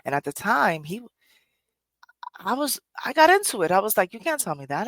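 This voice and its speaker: A woman's voice: medium pitch, sing-song, fairly quick, a bit bright, no echo. A woman host with a New York Puerto Rican accent, telling a personal story emphatically and repeating phrases. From Puerto Rico. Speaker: poetry podcast host.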